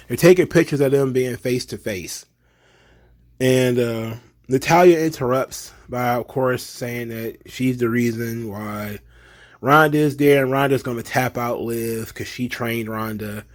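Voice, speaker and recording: A man's voice: medium pitch, normal speed. A man giving a casual, opinionated recap of a wrestling show as the channel's host. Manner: chatty, opinionated, slips into animated impressions of fans.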